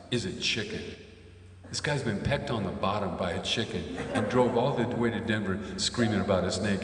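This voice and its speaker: A veterinarian and comedian telling a rambling comic story with stammered repeats. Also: male voice, on the low side. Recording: distant echoey hall with faint noise.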